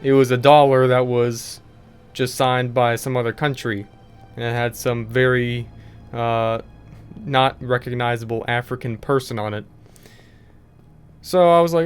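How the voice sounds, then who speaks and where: A man's voice: medium pitch, fairly even intonation, moderate pace, smooth, soft background music. A young man hosting a gaming channel, telling a story casually over gameplay, in a rambling way with lots of filler words.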